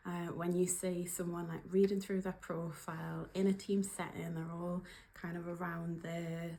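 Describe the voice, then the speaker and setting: Chatty Geordie woman, lowish voice. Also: mellow. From Newcastle upon Tyne, northeast England. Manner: chatty, many fillers, light self-deprecating humor. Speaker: workplace coach and workshop facilitator. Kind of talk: casual reflective vlog.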